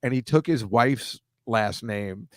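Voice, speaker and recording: A man in casual podcast chat, an animated storyteller who mocks voices and makes quick asides. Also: fairly low pitch, no echo, studio quality.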